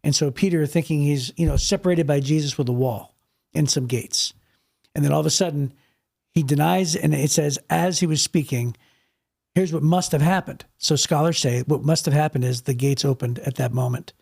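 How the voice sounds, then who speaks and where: A man's voice: on the high side, normal speed, vocal fry, a little mellow, breathy edge. A man co-hosting a podcast, talking through a Bible story in a vivid, casual way, often repeating words and restarting. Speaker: podcast co-host.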